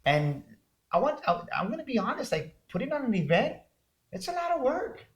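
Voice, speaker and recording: A man's voice: very high voice, very animated, fairly quick. A man co-hosting a motivational talk show, speaking fervently with repeated, preacher-like build-ups. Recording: roomy echo.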